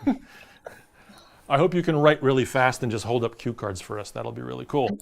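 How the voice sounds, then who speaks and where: A man's voice: mid-range voice, animated, moderate pace, creaky. A man hosting a quiz show over a video call, cracking puns and bantering with contestants. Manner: jokey, punning banter with contestants.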